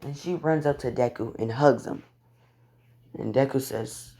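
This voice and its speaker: A man's voice: medium pitch, unhurried, mellow, slightly rough. A young man casually retelling a fan story from his bedroom, rambling and swearing offhandedly. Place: bedroom at home.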